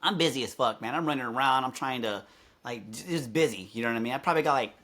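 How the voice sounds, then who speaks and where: A man's voice: mid-range voice, quick pace. A man, a podcast guest, telling a story in casual chat, swearing freely and acting out the people he quotes. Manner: animated, swears freely, acts out quoted lines.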